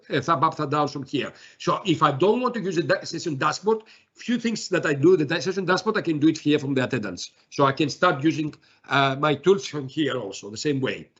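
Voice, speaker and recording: In a webinar, a man demos software, speaking haltingly with many fillers and restarts. His voice sits on the high side and sounds husky, and the audio is lo-fi.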